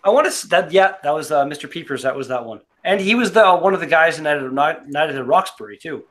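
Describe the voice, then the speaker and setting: Higher-voiced guy rambling over beers. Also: lively intonation, fast talker, a bit bright. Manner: rambling, restarts, swears freely. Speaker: podcast co-host reviewing beer. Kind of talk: casual chat.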